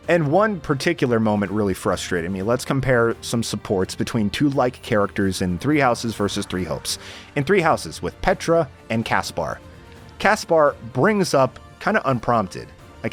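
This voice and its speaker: Young man, casual game rant, sarcastic, swears a lot, very animated pitch. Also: moderate pace, faint music behind. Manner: exasperated, sarcastic, swears often. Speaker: video game commentator. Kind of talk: casual ranting commentary.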